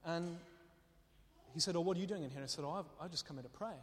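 A man preaching a sermon, telling stories in an animated way and laughing often as he speaks. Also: fairly high pitch, quick pace. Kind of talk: sermon with storytelling. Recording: long reverb of a hall.

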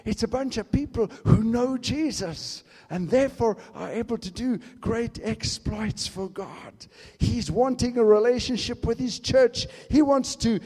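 A man preaching a sermon and telling a story, swinging from hushed asides to shouted exclamations. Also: very high voice, animated, a little slow, slightly rough. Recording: long hall reverb.

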